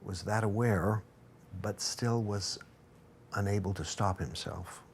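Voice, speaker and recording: Male interviewer, low voice, probing questions, faint rumble behind. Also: takes it slowly.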